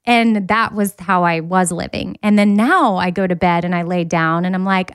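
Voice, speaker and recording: A woman's voice: medium pitch, smooth, no room sound. Chatty woman podcast host, dry close mic. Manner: chatty, animated storytelling with quick asides. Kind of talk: casual chat.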